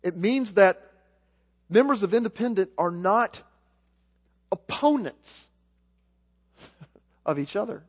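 Man, Southern accent, pastor preaching, earnest, high voice, long hall echo. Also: lively intonation, slow, pauses often, slightly rough. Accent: Southern American. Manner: earnest, repeats words when building a point. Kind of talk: sermon.

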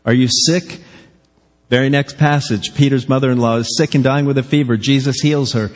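A man's voice: medium pitch, fairly even intonation, normal speed. A male pastor delivering a sermon in an earnest, conversational way, often posing rhetorical questions to the congregation. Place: church sanctuary. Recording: long reverb of a large hall.

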